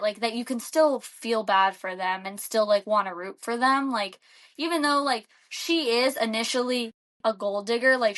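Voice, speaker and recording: A woman's voice: mid-range voice, bright, forceful tone. A young woman co-hosting a podcast, retelling a film in a loose, rambling way full of "like". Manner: rambling, fillers of "like" throughout. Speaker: podcast co-host. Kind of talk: casual chat.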